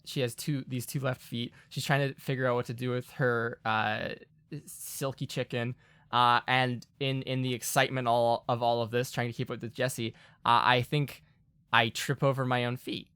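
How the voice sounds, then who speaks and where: Bright-voiced man rambling through a role-play. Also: medium pitch, level tone, moderate pace, clean tone, no room sound. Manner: rambling, lots of fillers and laughter. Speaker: tabletop game player. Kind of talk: casual role-play chat.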